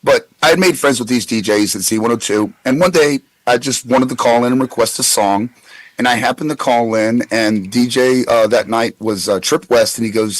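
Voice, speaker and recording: A man's voice: medium pitch, brisk, dry recording, rough recording. A man in his forties who tells rambling anecdotes with stammered restarts in a casual interview. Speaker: guest voice actor.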